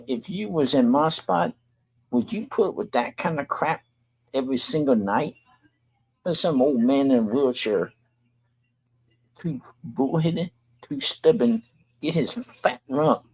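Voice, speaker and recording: A man's voice: mid-range voice, a little mellow, husky, poor audio. An older man, hosting a talk show and complaining bluntly and repetitively. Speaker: show host. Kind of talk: venting monologue to camera.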